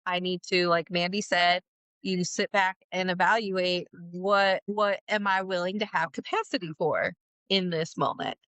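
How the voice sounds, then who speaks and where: A woman's voice: on the low side, fairly even intonation, a little slow, fairly bright tone, no echo. A woman co-hosting a podcast in casual chat, reflective and earnest, leaning on fillers as she thinks aloud. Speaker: podcast co-host.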